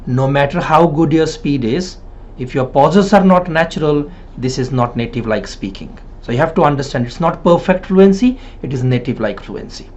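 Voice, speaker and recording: A fairly high-pitched, animated man talks fairly quickly with a slightly mellow tone. He's a PTE and IELTS trainer leading a spoken exam-coaching lesson, emphatic in the Hindi-man coaching way, repeating himself and frequently asking "right?" Sound quality is slightly dull lo-fi.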